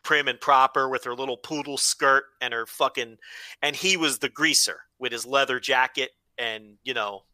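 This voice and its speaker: A man co-hosting a podcast in casual chat, animated and profane, often slipping into quick impressions. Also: medium pitch, no room sound. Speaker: podcast co-host.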